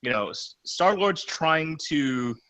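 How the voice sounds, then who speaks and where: Bright-voiced man chatting about comics. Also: a little high, slow pace, rough recording. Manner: rambling, restarts often, animated. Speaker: podcast co-host. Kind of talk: casual comics podcast chat.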